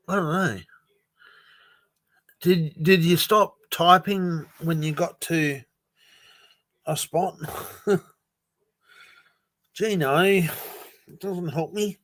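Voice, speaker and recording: Slow-talking man, frank and rambling. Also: a little high, a bit bright. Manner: frank and rambling, swears, sighs and laughs often. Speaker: crypto project founder streaming to his community. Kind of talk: casual livestream chat, reading viewer comments.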